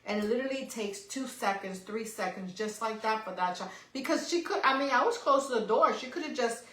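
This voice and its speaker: A middle-aged woman co-hosting a podcast, telling a story in a lively, casual way, swearing freely and tagging "right?" onto her sentences. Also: a little high, a little fast. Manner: animated, swears freely, says "right?" often. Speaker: podcast co-host. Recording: echoey room.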